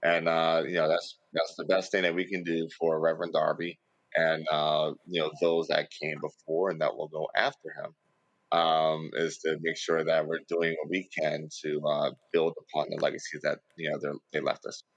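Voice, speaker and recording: A man with an extremely deep voice speaks in a flat, level tone. He sounds relaxed and conversational, with plenty of fillers, and the recording is close and dry. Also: moderate pace, dry recording, dull audio. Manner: relaxed and conversational, with frequent "um" and "you know". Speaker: panelist. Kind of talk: casual panel discussion.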